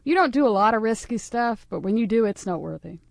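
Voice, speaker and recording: A woman co-hosting a podcast, chatting in a warm, teasing way. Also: a little high, lively intonation, fast talker, vocal fry, no echo, studio quality. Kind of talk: casual conversation.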